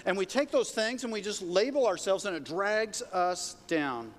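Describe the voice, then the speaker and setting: A pastor with a slightly high voice preaches in a relaxed, conversational way, pushing up into emphatic peaks. His voice carries the long reverb of a big church hall, with faint noise underneath. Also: normal speed, few pauses. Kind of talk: sermon. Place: church sanctuary.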